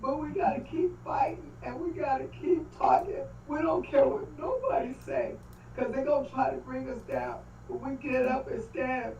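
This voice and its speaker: An older woman talks in a warm, dark voice, halting and faith-filled, breaking off mid-phrase. She sounds distant and echoey over dull video-call audio with a faint hiss behind her. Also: high voice, fairly even intonation. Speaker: grieving great-grandmother speaking at a livestream. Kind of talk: emotional testimony on a video call.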